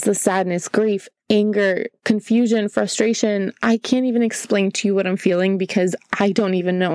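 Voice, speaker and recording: A woman's voice: medium pitch, darkish tone, dry recording. A young woman hosting a candid solo podcast, emotional and earnest, holding back tears. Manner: emotional, earnest, repeats "right?". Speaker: podcast host.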